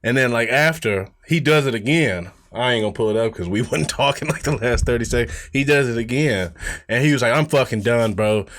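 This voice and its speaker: A man co-hosting a podcast, telling stories in a casual, profane way, laughing often and acting out quotes in a lower voice. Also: a little fast, a bit bright. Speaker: podcast co-host. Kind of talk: casual chat.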